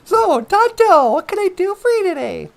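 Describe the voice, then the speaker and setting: A woman's voice: extremely high pitch, sing-song, moderate pace, gravelly. A woman hosting a comedic talk show, easygoing and playful, taking her time. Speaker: host.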